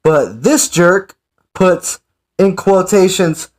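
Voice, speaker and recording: A man's voice: high-pitched, animated, slow. A man giving casual, sarcastic ranting commentary as an online commentator. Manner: sarcastic, mocking.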